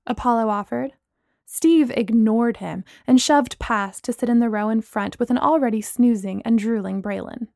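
A woman's voice: fairly high pitch, normal speed, creaky, darkish tone, dry recording, studio quality. A woman narrating a first-person novel as an audiobook, voicing the dialogue.

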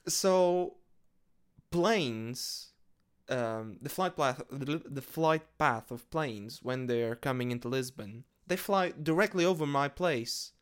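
Slow, rambling man. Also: a little high. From Portugal. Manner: rambling, hesitant, lots of fillers and swearing. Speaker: podcast host. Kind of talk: casual monologue.

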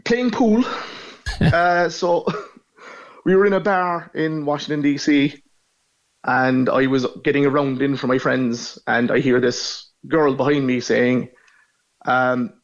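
The recording is muffled as a fortysomething man from Ireland, carrying a northside Cork accent, tells stories in a relaxed, straightforward way during a casual phone interview from abroad. His mid-range voice stays fairly even and he takes his time.

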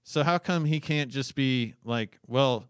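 A man co-hosting a podcast who rants freely and swears often, sounding exasperated. His voice sits at an ordinary middle pitch. The sound is close and dry, with no room around it. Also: unhurried, clean tone, no room sound. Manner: profane, ranting, exasperated. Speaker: podcast co-host. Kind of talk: casual chat.

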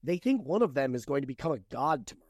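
A man co-hosting a podcast, casually recapping a novel's plot and reading quoted lines aloud with lively emphasis. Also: mid-range voice, quick pace, dry recording, clean studio sound. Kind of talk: casual book-recap chat.

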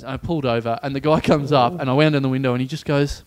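A man's voice: a little high, lively intonation, quick pace, few pauses. An Australian man, a comedian, co-hosting a podcast and telling a rambling self-mocking story with bursts of laughter. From Victoria, Australia. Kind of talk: casual podcast chat.

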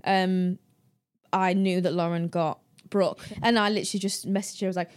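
Animated woman telling stories. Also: mid-range voice, normal speed. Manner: animated storytelling, acting out quoted people in a raised voice, laughing often. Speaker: guest. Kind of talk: casual interview chat.

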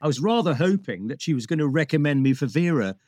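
A middle-aged man from northeast England with a light northern English accent, telling stories as an actor guest in a lively, self-deprecating way with many restarts. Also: on the high side, quick pace, no room sound. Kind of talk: casual anecdotal chat.

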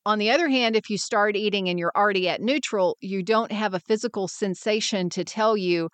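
A woman's voice: mid-range voice, brisk, smooth, dry recording. A woman hosting a wellness podcast, talking in an upbeat, encouraging way and acting out the voices she quotes. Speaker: podcast host and wellness mentor. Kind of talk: scripted podcast monologue.

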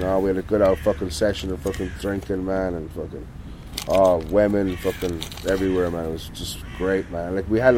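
A man's voice: deep voice, dark tone, a little hiss or hum, poor audio. A man with an Irish accent, a guest telling a long, rambling story in casual talk and swearing almost every line. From Ireland. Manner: profane, rambling, swears constantly. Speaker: interview guest.

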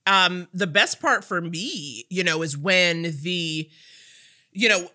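Woman, from the US, podcast co-host, sassy, bright. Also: on the low side, expressive, takes it slowly. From United States. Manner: sassy, playful. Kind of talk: casual chat.

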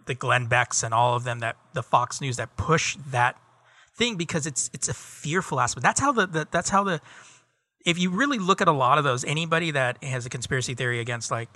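A man's voice: mid-range voice, pushed and bright, no room sound. A middle-aged man co-hosting a podcast, ranting in casual chat with lots of profanity and a stream of fillers. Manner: rambling, profane, heated ranting with many fillers. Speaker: podcast co-host.

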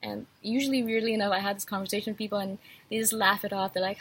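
A woman's voice: medium pitch, quick pace, breathy edge, poor audio. A woman podcast host in a casual, blunt rant, speaking candidly and laughing easily, a little feverish. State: slightly feverish.

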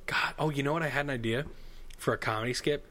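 A man's voice: mid-range voice, fast, pushed and bright. A man co-hosting a casual podcast, rambling and digressive with a jokey tone. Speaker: podcast co-host. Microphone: headphones and studio mic.

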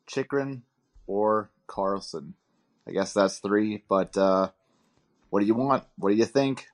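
A man with a low voice leaves a casual voicemail question. He hesitates a little and fills the gaps with small "uh"s. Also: takes it slowly. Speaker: voicemail caller.

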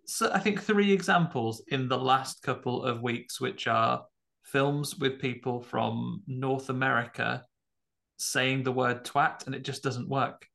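A man's voice: medium pitch, fairly even intonation, unhurried, gravelly, fairly bright tone. A man with a British accent, co-hosting a horror film podcast with wry, rambling humour. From Britain. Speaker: podcast co-host. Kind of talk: casual chat about horror films.

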